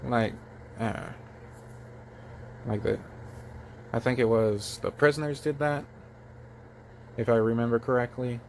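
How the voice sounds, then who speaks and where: A man hosting his own channel, reviewing a comic chapter in a halting, casual way, full of fillers and restarts. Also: mid-range voice, steady tone, creaky, darkish tone, a little hiss or hum. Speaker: channel host. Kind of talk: casual manga review talk.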